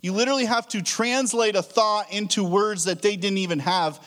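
A man's voice: sits high, moderate pace, a bit bright. A man preaching a sermon as a pastor, telling stories in a casual way with frequent restarts. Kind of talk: conversational sermon.

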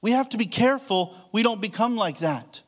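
A man's voice: high-pitched, lively intonation, a little fast. A man preaching a sermon as a pastor, telling stories in a casual way with frequent restarts. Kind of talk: conversational sermon.

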